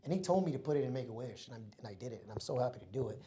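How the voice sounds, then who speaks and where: A man telling a personal story as a podcast guest, in an excitable, casual way full of slang. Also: mid-range voice, racing, slight background noise.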